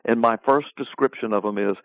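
A man's voice: mid-range voice, fairly quick, creaky, no echo. A man teaching about the Bible in an interview, emphatic and repetitive, building long lists as he talks. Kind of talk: preaching-style interview answer. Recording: phone-line sound, dry.

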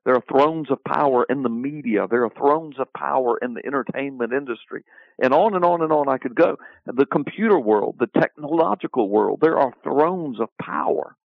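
A man's voice: medium pitch, normal speed, vocal fry, no echo. A man teaching about the Bible in an interview, emphatic and repetitive, building long lists as he talks. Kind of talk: preaching-style interview answer. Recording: phone-line sound, dry.

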